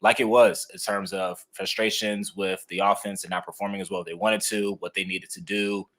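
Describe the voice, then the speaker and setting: A young man co-hosting a sports podcast in a laid-back, measured way, with frequent ums. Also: sits low, flat delivery, a bit bright. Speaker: sports reporter, podcast co-host. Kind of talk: casual sports podcast chat.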